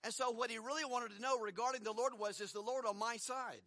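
A man's voice: very high-pitched, steady tone, fast, sharp tone, dry recording, studio quality. A middle-aged man preaching a sermon in a conversational way, posing rhetorical questions and chuckling between points.

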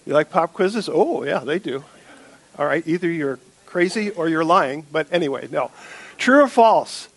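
A male pastor giving a sermon, first in a quiet prayer, then preaching with questions to the congregation and light humor. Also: fairly high pitch, moderate pace.

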